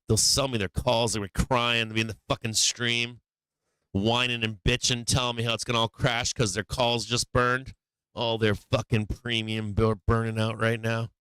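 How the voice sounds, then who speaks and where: A man hosting a live stream talks in casual, profane bursts, gleefully taunting as he goes. His voice is smooth and resonant, and it sits at a mid pitch. The sound is dry and close to the mic. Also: flat delivery, moderate pace, pushed and bright, no echo. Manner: sing-song carnival barker bits.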